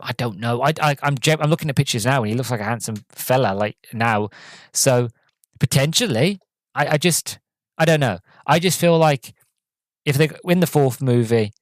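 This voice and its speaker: A man's voice: medium pitch, dry recording. A man hosting a podcast, reviewing a film in casual chat, rambling with many fillers and restarts. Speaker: podcast host.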